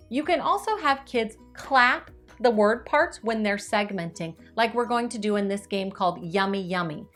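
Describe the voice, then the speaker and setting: A woman explains early reading skills to parents in a clear, upbeat teacherly voice. She slows right down to stretch and sound out words as she demonstrates. Quiet music plays faintly underneath. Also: medium pitch. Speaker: teacher giving tips to parents. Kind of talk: instructional video.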